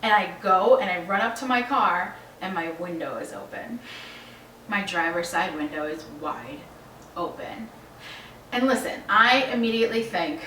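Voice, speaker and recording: A young woman from Long Island tells a storytime vlog in a lively, swearing way, playing out both ends of her phone calls. Her voice sits a little back from the mic in a roomy, echoey space. A faint hiss of noise hangs behind her. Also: on the low side, moderate pace. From Long Island, New York. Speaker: vlogger. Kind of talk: casual storytime. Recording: roomy echo, voice a bit far from the mic, faint background noise.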